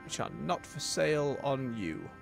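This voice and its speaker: A man's voice: medium pitch, very animated, normal speed, vocal fry. A man streaming an online role-playing game, chatting casually and thinking aloud as he plays. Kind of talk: casual live-stream commentary. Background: game music.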